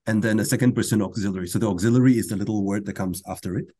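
Low, dark-voiced man explaining patiently. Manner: patient, explains slowly with many restarts and soft laughs. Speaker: guest language enthusiast. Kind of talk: explanatory interview.

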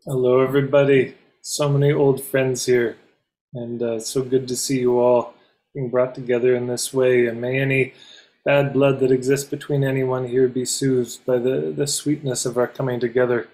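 Man, memorial speaker, steady and flat, thoughtful. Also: medium pitch. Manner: measured and gently reflective. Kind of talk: reflective memorial address.

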